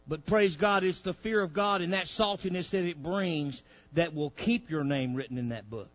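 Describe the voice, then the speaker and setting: A man preaching a sermon in a church, dropping to low murmurs and rising to loud shouted peaks. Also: animated, moderate pace, dull audio. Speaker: pastor.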